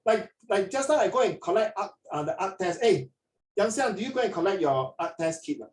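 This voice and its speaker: A man's voice: high-pitched, expressive, a little fast, distant mic. Chatty Singaporean male teacher, echoey. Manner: chatty, Singlish, switches into Mandarin. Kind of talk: online class teaching.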